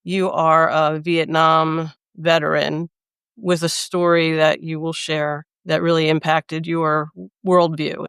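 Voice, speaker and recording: A woman's voice: deep voice, fairly bright tone, smooth, no echo, clean studio sound. A woman hosting a podcast interview in an upbeat, encouraging way. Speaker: podcast host.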